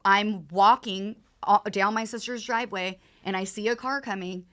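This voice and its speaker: A woman in her thirties, a podcast guest, telling an emotional personal story in halting bursts, full of fillers and repeated words. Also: mid-range voice, fairly even intonation, pushed and bright.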